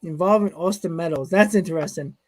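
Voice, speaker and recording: A man's voice: fairly high pitch, brisk, a little mellow. A man hosting a live stream, reading chat comments and telling stories in a casual way, often chuckling. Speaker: host.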